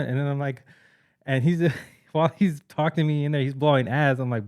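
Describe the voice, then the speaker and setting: A young man co-hosting a podcast, slangy and animated, acting out people in his stories. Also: medium pitch, fairly quick. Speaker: podcast co-host. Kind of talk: casual chat.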